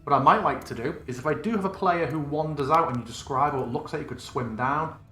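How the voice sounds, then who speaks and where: A man's voice: fairly high pitch, fast, pushed and bright, echoey room. A man running a live tabletop tutorial, thinking aloud casually and correcting himself as he builds a scene. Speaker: game master demonstrating a virtual tabletop. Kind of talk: live screen-recorded tutorial.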